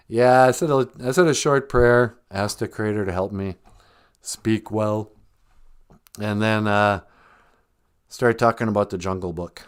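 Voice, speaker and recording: A man's voice: on the low side, measured pace, long pauses, clean tone. A man hosting a live stream podcast, rambling and joking in a laid-back way. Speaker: podcast host. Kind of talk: casual live stream chat.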